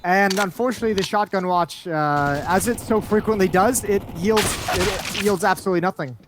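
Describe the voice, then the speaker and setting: A man casting a live esports match, calling the play quickly and adding wry, self-deprecating asides. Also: high-pitched, noisy background. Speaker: esports caster. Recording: loud game gunfire behind voice. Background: gunshots and clicks from the game.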